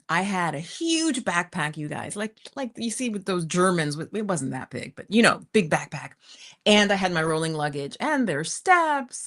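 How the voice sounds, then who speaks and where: A middle-aged woman hosting a livestream, telling a personal story in a chatty, animated way with frequent laughs. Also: medium pitch. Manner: chatty and animated, often laughing and saying "you guys". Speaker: spiritual teacher hosting a livestream. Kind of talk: live-streamed personal storytelling.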